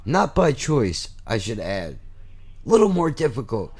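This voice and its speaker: A man's voice: medium pitch, very animated, unhurried, a little mellow, husky. A young man hosting a podcast, ranting bluntly and heatedly with constant swearing. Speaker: podcast host. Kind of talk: ranting monologue.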